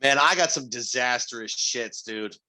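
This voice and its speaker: A man's voice: medium pitch, a little slow, sharp tone. A man co-hosting a podcast in casual chat, blunt and given to crude jokes. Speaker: podcast co-host.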